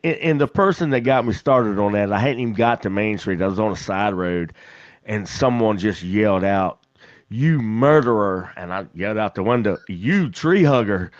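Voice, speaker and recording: A man's voice: fairly low pitch, normal speed, no echo, dull audio. A man with a West Virginian accent, a podcast host telling folksy stories in casual chat and laughing often. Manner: folksy storyteller, laughs a lot.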